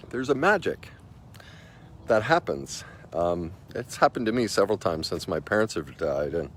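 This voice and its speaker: A man's voice: low voice, slight background noise. A man in his fifties, a coach, telling a personal story in an earnest, emotional and loose conversational way, with many likes and restarts. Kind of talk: personal motivational talk.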